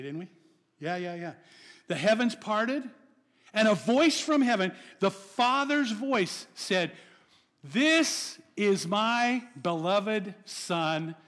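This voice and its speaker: High-voiced preacher in a reverberant hall. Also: male voice. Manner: dynamic preaching, swinging from loud emphasis to hushed lines; asks the audience questions. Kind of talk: sermon.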